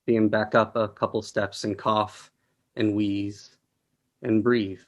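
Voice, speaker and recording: A man, an actor, reading a short story aloud with measured, deliberate phrasing over a video call. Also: on the low side, flat delivery. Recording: dull lo-fi audio.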